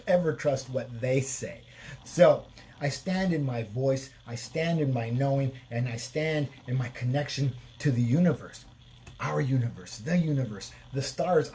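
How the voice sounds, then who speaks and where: A man with a somewhat high-pitched voice delivers an unscripted spiritual talk as a shamanic healer. He speaks in repetitive, chant-like lines, preachy and blunt, and now and then he swears. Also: darkish tone, a little hiss or hum. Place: Sedona, Arizona.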